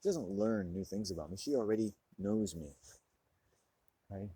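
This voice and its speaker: Low-voiced man ranting profanely to camera. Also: lively intonation, moderate pace, dark tone, breathy edge, no room sound, low-quality recording. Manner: profane, preaching rant; smoking and drinking on camera. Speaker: vlogger. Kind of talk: monologue to camera.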